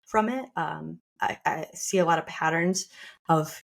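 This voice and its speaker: A young woman with a low, gravelly voice speaks a little slowly as a podcast co-host sharing her birth story. Casual and reflective about becoming a mother, she often restarts her sentences and laughs.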